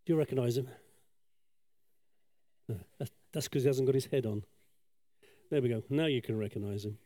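A man's voice: mid-range voice, normal speed, dark tone, dry recording. A man telling a story while painting on a sketchboard, chatty and self-deprecating, with lots of asides. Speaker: children's talk storyteller.

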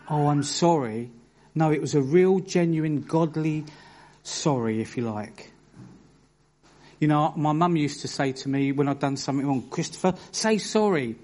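A man preaching a sermon, telling stories with earnest emphasis and reading scripture aloud in a measured way. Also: on the high side, dark tone. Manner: earnest storytelling with bursts of emphasis.

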